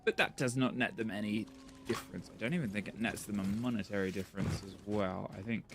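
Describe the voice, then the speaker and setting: A man giving color commentary on an esports match, chatty and relaxed between rounds. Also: fairly low pitch, fast, background noise.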